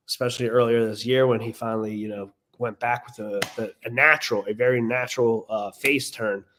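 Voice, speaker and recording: There's a little hiss or hum behind this man's medium-pitched voice as he co-hosts a wrestling podcast. He tells stories casually and ramblingly, with lots of filler words.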